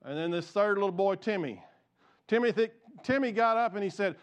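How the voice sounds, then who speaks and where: A man's voice: sits high, lively intonation, a little fast. A male pastor preaching a conversational, jokey sermon and asking his congregation questions.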